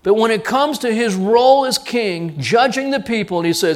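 Middle-aged male pastor, higher-pitched voice, lively storytelling sermon with acted-out lines. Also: a little slow. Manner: animated storytelling, acting out dialogue.

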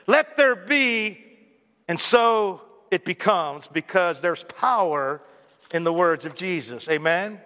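A man preaching with a high, bright voice that carries a long reverb, as in a large church hall. He talks in a relaxed conversational way and keeps putting questions to his listeners. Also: measured pace. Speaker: pastor. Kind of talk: sermon.

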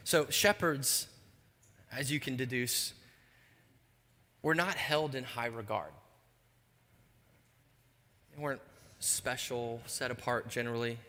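A man preaching a sermon as pastor, telling stories in a lively way and dropping low and quiet for the solemn points. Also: takes it slowly, long pauses, long reverb tail.

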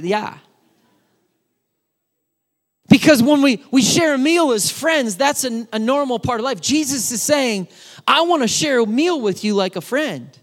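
A man giving a children's sermon, animated and emphatic, talking straight to the kids. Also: high voice. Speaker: children's pastor.

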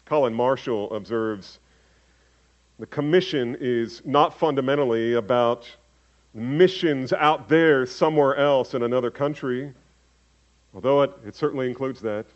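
A man preaching a sermon as pastor, swinging from loud emphatic calls to hushed low asides. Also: a little slow. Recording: dull lo-fi sermon recording.

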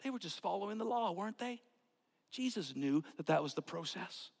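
A man preaching a sermon, swinging from hushed whispers to loud outbursts. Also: high-pitched, animated, brisk, gravelly. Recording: long hall reverb.

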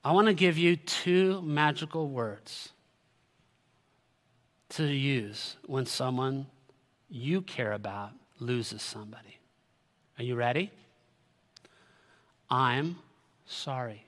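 A man's voice: medium pitch, expressive, takes it slowly, long pauses. A man giving a sermon as a pastor, earnest and direct, building to emphatic peaks. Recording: long hall reverb.

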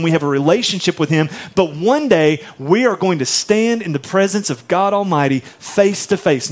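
A pastor delivers his sermon in a casual, emphatic style. His voice sits a little higher than most men's, and he keeps turning to the congregation with quick asides. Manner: conversational, emphatic, asks the congregation "right?". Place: church.

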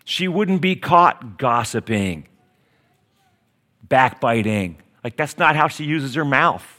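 A man's voice: mid-range voice, lively intonation, slow, pushed and bright. A middle-aged man, a pastor giving a conversational sermon, folksy and storytelling, often tagging his points with "see?". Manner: folksy, with frequent tag questions like "see?"; teaching in a chatty, storytelling way.

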